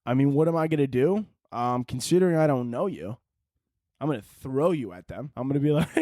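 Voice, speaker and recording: A man hosting a solo podcast, rambling through a crude, profane comedic monologue with animated swings in his delivery. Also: mid-range voice, a little fast, no room sound, clean studio sound. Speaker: podcast host.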